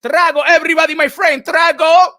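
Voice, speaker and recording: A man hosting a boxing live stream, greeting viewers and ranting loudly with lots of profanity and occasional Spanish phrases. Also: very high voice, fairly even intonation, a little fast. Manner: loud, hyped, profane, frequent shouting. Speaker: boxing channel host. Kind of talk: live-stream commentary and viewer shout-outs.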